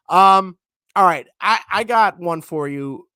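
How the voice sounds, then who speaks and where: A man in his thirties co-hosting a podcast in casual chat, animated and laughing easily, with a sick voice. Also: high voice, takes it slowly, smooth, dry recording, clean studio sound. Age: 30s. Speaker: podcast co-host.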